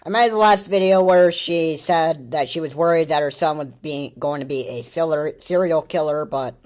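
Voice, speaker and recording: A man's voice: on the high side, moderate pace. A man giving casual, mocking commentary on a video, rambling with many fillers and restarts and laughing often.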